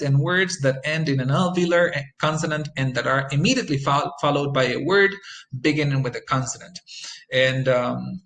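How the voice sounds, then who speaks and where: A man giving a recorded pronunciation lesson at a middle pitch. He explains patiently, stops on "um" and "uh", and says example phrases slowly more than once. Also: fairly bright tone, poor audio. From Costa Rica. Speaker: English phonetics instructor.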